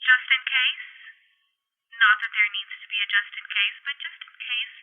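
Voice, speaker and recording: A woman's voice: on the high side, normal speed, close to an everyday voice. A woman voicing a fatherly male vampire surgeon, reassuring and protective, calling her sweetheart over a tinny phone line.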